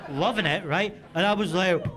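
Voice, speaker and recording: Scottish stand-up in his thirties, high voice, tells a sweary yarn on a handheld mic in a noisy club. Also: animated, a little fast. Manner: chatty storytelling with frequent "right?" tags, swearing. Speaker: stand-up comedian. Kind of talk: stand-up comedy set. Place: comedy club stage. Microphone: handheld stage mic. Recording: noisy live club recording.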